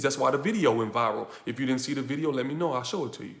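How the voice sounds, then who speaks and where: A man coaching on personal growth in a forceful, preaching style, firing off rhetorical questions and repeating his points. His voice sits at an ordinary middle pitch. The room around him is echoey. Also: lively intonation, quick pace, creaky, hardly any pauses. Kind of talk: motivational teaching talk.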